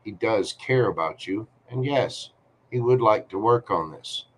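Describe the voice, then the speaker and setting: A man hosts a live tarot stream, turning the cards over for a viewer's question. His voice sits low, and he talks slowly, in a chatty, reassuring way. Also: animated, a bit bright, husky. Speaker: tarot reader.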